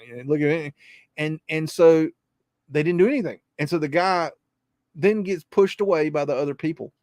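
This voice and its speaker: A man hosts a live podcast and rambles, repeating himself and swearing freely. His voice sits a bit high. The sound is dry and close. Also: normal speed, darkish tone, dry recording. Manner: rambling, repetitive, profane. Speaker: podcast host.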